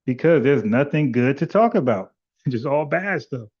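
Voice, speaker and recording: A man's voice: mid-range voice, animated, normal speed, a little mellow, slightly rough. Blunt argumentative man on a muffled stream. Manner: blunt, argumentative, lots of "like" and restarts. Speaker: podcast host taking callers. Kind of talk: casual live-stream chat with callers. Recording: muffled lo-fi audio.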